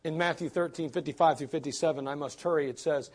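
A man's voice: on the high side, steady tone, fast, few pauses. A man preaching a sermon in a blunt, emphatic way, full of rhetorical questions.

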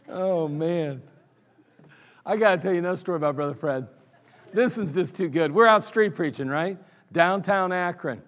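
A man with an Ohio accent preaches to his congregation about the church's early years, telling stories with lively energy and laughing at them. His voice sits slightly high for a man. The service recording carries the long reverb of a church hall. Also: moderate pace, long pauses. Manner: animated storyteller, laughs at his own stories. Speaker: pastor. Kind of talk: anniversary sermon storytelling. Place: church sanctuary.

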